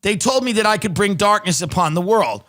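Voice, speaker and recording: A man hosting a podcast, rambling through sardonic comedic commentary with halting restarts. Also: high-pitched, lively intonation, fairly bright tone. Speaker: podcast host.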